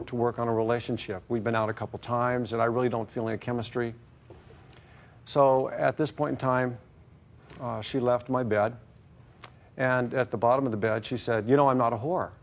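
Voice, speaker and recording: A man's voice: medium pitch, steady tone, normal speed, vocal fry. A man testifying at length in a courtroom, hesitant and wordy, repeating stock phrases. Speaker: litigant in a courtroom show.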